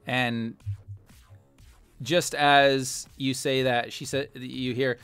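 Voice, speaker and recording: A man's voice: medium pitch, flat delivery, very slow, a bit bright, smooth, no echo, soft background music. A man narrating as game master in a tabletop game, rambling with many fillers.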